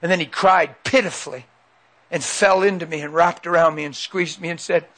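A middle-aged man preaching a sermon, telling a personal story with animated delivery and acted-out dialogue. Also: fairly high pitch, moderate pace. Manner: animated storytelling, acts out quotes. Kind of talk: sermon testimony.

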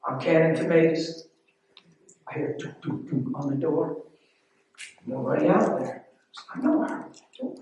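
Pengkhotbah pria bergema dari kejauhan. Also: male voice, fairly high pitch, measured pace, pauses often. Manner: swings from hushed storytelling to loud emphatic preaching. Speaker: preacher. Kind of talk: sermon with storytelling. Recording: echoey room, voice from far off.

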